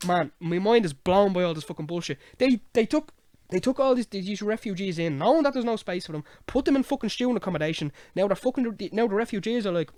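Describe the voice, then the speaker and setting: A young Irish man hosting a casual late-night podcast, ranting in an animated, sweary way. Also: high voice, fast talker, no room sound. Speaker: podcast host.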